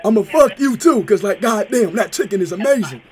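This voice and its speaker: A man's voice: high voice, lively intonation, brisk. A young man faking a cursing, chicken-crazed dad on the phone. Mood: rowdy. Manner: loud, crude, cursing, insistent. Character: brash swearing middle-aged dad raving about chicken. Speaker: prank caller.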